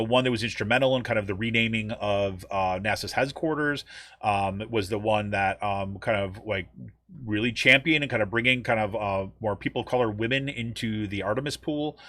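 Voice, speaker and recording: A man's voice: medium pitch, fairly bright tone, no echo. An American man co-hosting a podcast, chatting casually about news with lots of ums and restarts. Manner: rambling, many ums and restarts. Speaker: podcast co-host.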